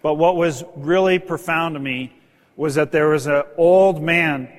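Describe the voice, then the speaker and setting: A man telling heartfelt stories to an audience in an earnest, emotional manner, as a motivational speaker. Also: a little slow. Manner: earnest, emotional, rises in pitch when stirred. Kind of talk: storytelling speech to an audience. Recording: long hall reverb.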